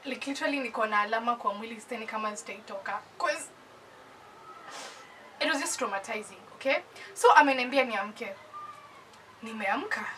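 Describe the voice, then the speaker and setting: A young woman from Kenya with a Kenyan accent, telling a personal story in an animated, casual storytime voice that mixes English with Swahili slang. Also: fairly high pitch, brisk, long pauses, recorded from a distance, a little hiss or hum, poor audio.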